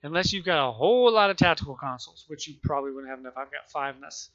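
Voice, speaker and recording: Guy w/ hiccups rambling about game gear, kinda high voice, keeps restarting sentences, muffled cheap mic. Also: expressive, fairly bright tone. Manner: halting, restarts and corrects himself often. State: has the hiccups. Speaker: gaming video creator. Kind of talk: rambling gameplay explainer.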